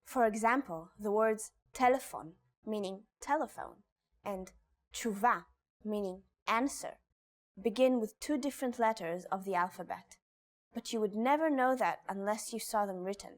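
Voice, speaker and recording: A woman reading a scripted language lesson, pronouncing example words slowly and carefully. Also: medium pitch. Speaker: Hebrew teacher.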